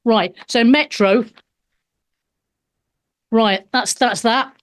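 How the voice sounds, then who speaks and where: A woman's voice: on the high side, very slow. A woman in her fifties, a stand-up comedian hosting a show, sarcastically reading out and mocking news headlines, swearing freely. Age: 50s. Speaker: host.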